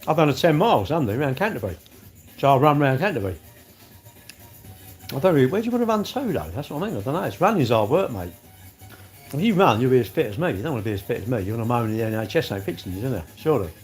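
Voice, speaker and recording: Male streamer, mid-pitched, easygoing banter with chat, light music underneath. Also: very animated, racing. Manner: chatty, bantering, answers comments aloud. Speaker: live streamer. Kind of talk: casual live-stream chat with viewers. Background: faint music.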